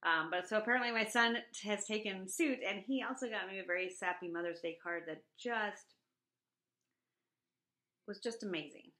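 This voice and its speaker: Chatty woman with a bright voice. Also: moderate pace, reverberant. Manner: chatty and animated, acting out quotes in a high voice. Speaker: vlogger. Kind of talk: casual chat. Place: home.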